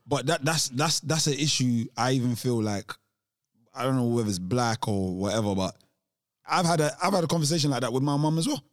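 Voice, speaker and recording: A man's voice: mid-range voice, fairly quick, dry recording, studio quality. A man, talking in casual discussion, reflective and thinking aloud with restarts. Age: 20s.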